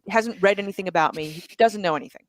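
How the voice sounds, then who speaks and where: A woman guest on an interview show, retelling a story with vivid asides and quick restarts. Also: medium pitch, dry recording. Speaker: guest entrepreneur. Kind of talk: animated storytelling in conversation.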